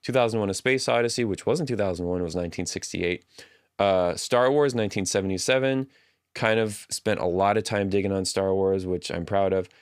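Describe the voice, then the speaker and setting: Man hosting a livestream, casual chat, reading viewer comments, smooth voice, dry close sound. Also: deep voice, brisk, dry recording. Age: adult. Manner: chatty, reads viewer comments aloud. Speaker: livestream host.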